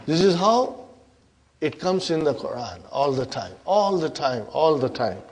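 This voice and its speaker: A man's voice: a little high, big pitch swings, a little slow, a little mellow. A man with Urdu as his first language, teaching an Arabic grammar class and constantly checking in with his students. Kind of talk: classroom lecture.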